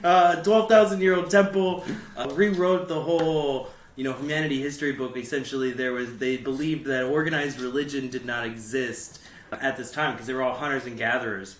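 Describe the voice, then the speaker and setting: A man's voice: medium pitch, steady tone, fairly quick, roomy sound, slight background noise. A man co-hosting a podcast, explaining things casually and loosely with lots of fillers. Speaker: podcast co-host.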